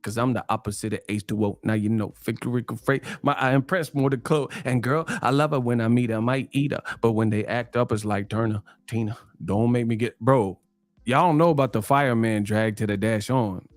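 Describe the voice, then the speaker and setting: A man's voice: medium pitch, a little fast, no room sound, faint music behind. Live streamer host, man, loose slangy banter, laughs a lot, dry close sound. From New Mexico, USA. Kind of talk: casual live stream chat reading donations.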